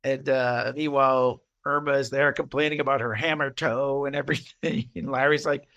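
A man's voice: medium pitch, moderate pace, lo-fi sound. A man co-hosting a podcast, casually recapping a TV episode, acting out the characters' lines and laughing often. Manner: animated retelling, acting out quotes, laughing often. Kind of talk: casual chat.

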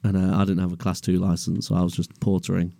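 Deep, gravelly man telling a story. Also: monotone, fast, warm tone, dry recording. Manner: laid-back, sweary, laughs through story. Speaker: podcast co-host. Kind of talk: casual storytelling chat. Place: garage.

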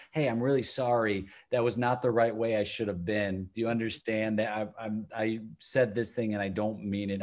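A man in his thirties, a father, talking in a reflective, earnest way in a casual chat and laughing easily. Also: mid-range voice.

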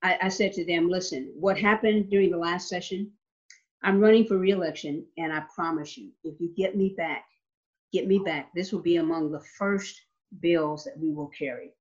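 A woman's voice: fairly low pitch, moderate pace, darkish tone. A woman state legislator telling a story in an interview, emphatic, repeating words and checking in with "okay?". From Nevada. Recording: slightly dull lo-fi sound.

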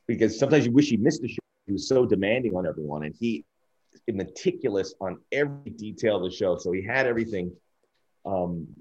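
A man's voice: fairly low pitch, darkish tone. A middle-aged man, a sports broadcaster, giving a candid interview and telling anecdotes while acting out quoted dialogue. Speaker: sports broadcaster, podcast guest. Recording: dull lo-fi audio.

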